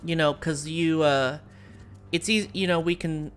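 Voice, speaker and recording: Faint music plays behind an American woman streaming a strategy game, her deep voice steady and moderately paced. Her casual chat with viewers rambles, full of filler words and false starts.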